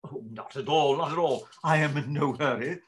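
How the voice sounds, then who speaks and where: A man reading a part aloud in a live play reading, blustering and gruff. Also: a little high, moderate pace. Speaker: volunteer reader playing Sir Anthony.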